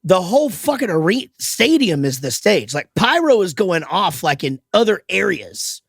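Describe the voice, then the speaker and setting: A man's voice: high-pitched, big pitch swings, moderate pace, creaky, slightly rough, no echo, studio quality. A man hosting a podcast, chatting casually, rambling with restarts and swearing freely. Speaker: podcast host. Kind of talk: casual chat.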